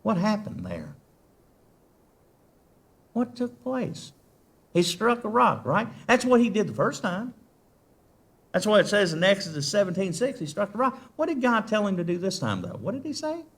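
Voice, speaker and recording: A male preacher delivering a sermon. He asks the congregation questions and swings from loud emphasis to very soft, quiet lines. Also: sits high, huge pitch swings, normal speed, pauses often, slightly rough.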